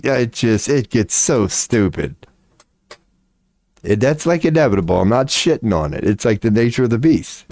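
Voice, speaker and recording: Profane laid-back man streaming, mellow voice. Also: on the low side, expressive, normal speed, dry recording, studio quality. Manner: profane, laughing, rambling storyteller. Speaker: livestream host. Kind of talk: casual livestream chat.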